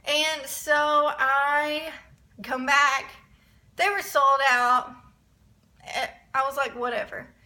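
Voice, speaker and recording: A young woman telling a rambling, excitable story in a casual vlog, often restarting her sentences. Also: high voice, very slow, long pauses. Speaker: vlogger.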